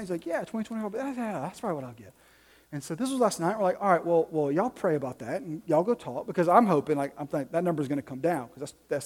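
A man's voice: on the high side, long reverb tail. A man, a pastor telling a family story in a sermon that builds into impassioned preaching.

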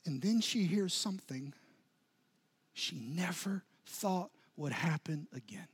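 A pastor preaching a sermon, retelling a story with dramatic soft drops and rising intensity. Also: male voice, a little high, lively intonation, takes it slowly, breathy edge.

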